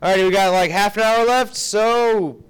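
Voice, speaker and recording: A man hosting a convention panel, brisk and casual, swearing offhand. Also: high-pitched, clean tone, rough recording. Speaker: panel host.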